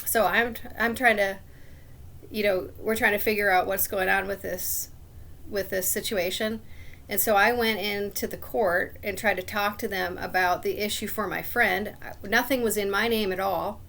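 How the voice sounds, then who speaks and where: A woman with a gravelly, fry-edged voice tells a long personal story in a loose, casual way. She sounds aggrieved and suspicious, and she keeps clearing her throat between her rambling sentences. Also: mid-range voice, fairly even intonation, normal speed, fairly bright tone.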